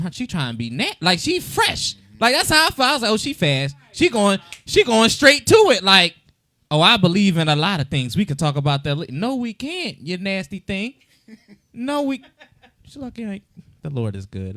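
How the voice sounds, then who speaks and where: A man's voice: sits high, moderate pace, dry recording. A middle-aged man co-hosting a podcast, telling stories in a casual chat and acting out the voices of the people in them. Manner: animated storyteller, acts out dialogue, laughs often. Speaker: podcast co-host.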